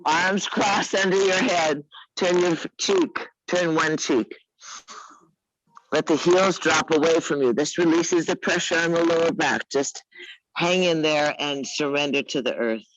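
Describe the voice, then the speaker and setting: Slow, coaxing woman yoga teacher. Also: low voice, dull audio. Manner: unhurried, coaxing cues, teasing students by name. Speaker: yoga instructor. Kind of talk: guiding a live yoga class.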